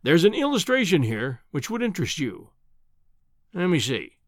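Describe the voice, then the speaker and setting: Guy putting on a pompous old professor, sneering and lecturing, swings his pitch all over, dry close sound. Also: wildly swooping pitch, moderate pace, fairly bright tone, no room sound, heavily acted. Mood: condescending. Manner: scornful, lecturing, triumphant. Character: bombastic scornful older male professor. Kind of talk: audiobook character reading.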